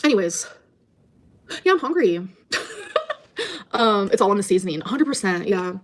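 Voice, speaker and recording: A woman's voice: mid-range voice, expressive, moderate pace. Rambling woman vlogger chatting to viewers. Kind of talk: casual chat to viewers.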